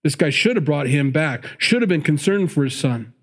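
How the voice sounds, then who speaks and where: This man's expressive, higher-leaning voice moves at a moderate pace through a sermon. He reads scripture, wanders into casual side comments between verses, and self-corrects as he goes.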